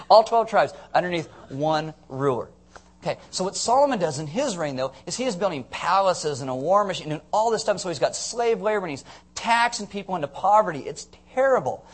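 A man preaching a teaching sermon to a congregation, playful and jokey, often checking that listeners are following. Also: high-pitched. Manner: playful, jokey asides, audience check-ins. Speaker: pastor.

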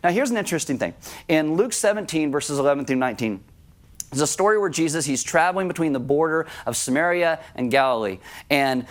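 A man preaching an animated sermon with a fairly high voice. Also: fairly quick. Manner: animated, acts out scenes with shouted voices; conversational, addresses congregation directly. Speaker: pastor.

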